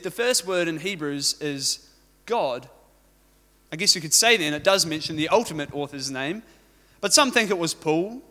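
A man's voice: a little high, sharp tone. A man preaching a sermon, opening with a prayer and telling a story with joking asides. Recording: echoey hall reverb.

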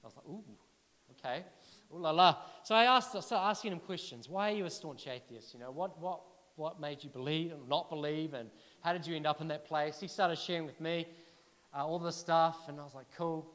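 Chatty New preacher, high voice. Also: male voice, fairly quick, long reverb tail. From New Zealand. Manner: animated, chatty, asks the crowd questions. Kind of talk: sermon with personal stories.

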